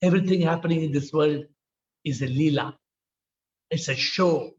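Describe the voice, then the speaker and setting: A man's voice: a little high, normal speed. Older Indian man telling spiritual stories. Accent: Indian English. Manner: storytelling, acts out quoted voices, frequent "huh?". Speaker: spiritual teacher. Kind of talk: informal spiritual talk on a video call. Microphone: video call. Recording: slightly dull video call audio.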